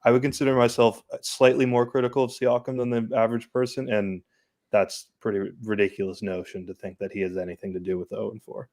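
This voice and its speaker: A man on a basketball panel, giving casual, matter-of-fact analysis in a measured way. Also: lowish voice, little pitch movement, a little mellow.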